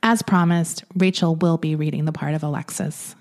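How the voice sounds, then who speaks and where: A chatty woman co-hosting a podcast, recapping a story with frequent laughs and a lot of "like." Her voice sits a little low. She sounds loose and conversational. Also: fairly even intonation, normal speed, darkish tone. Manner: chatty, laughs often, lots of "like". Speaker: podcast co-host. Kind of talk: casual chat recapping a story.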